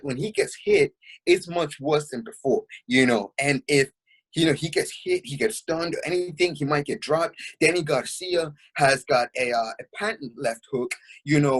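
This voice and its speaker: Chatty young man with husky voice. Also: a little high, low-quality recording. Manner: chatty, many fillers, excited. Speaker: boxing podcast co-host. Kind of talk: casual chat.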